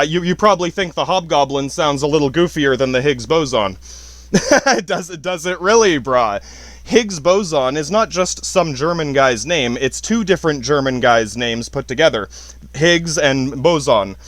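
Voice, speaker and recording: A podcast host with a high voice delivers a casual, rambling monologue full of profanity, frequently laughing between his points. There's no echo on the recording.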